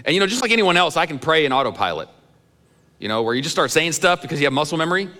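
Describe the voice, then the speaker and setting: A man's voice: a little high, big pitch swings, very fast, bright, forceful tone, big-room sound. A middle-aged male pastor preaching in a church sanctuary, telling candid personal stories in a conversational way with some humor. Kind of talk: sermon.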